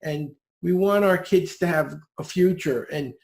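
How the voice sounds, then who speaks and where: A man with a high voice talks as a podcast guest, giving listeners direct, upbeat, step-by-step instructions. The sound is echoey, as if he is in a bare room. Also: a little slow, creaky, darkish tone. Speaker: podcast guest teaching speed reading.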